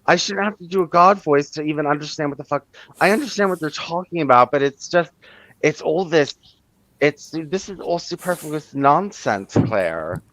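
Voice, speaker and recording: A man's voice: fairly high pitch, lively intonation, moderate pace, a bit bright. A man hosting a casual live stream, blunt and exasperated, swearing now and then. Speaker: stream host. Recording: dull lo-fi, dry sound.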